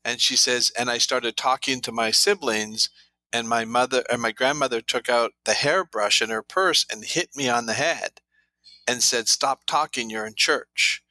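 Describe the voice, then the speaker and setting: In a storytelling interview, a male trauma therapy author speaks at a moderate pace with a bright, forceful mid-range voice, acting out dialogue within his anecdotes. The sound is dry and rough.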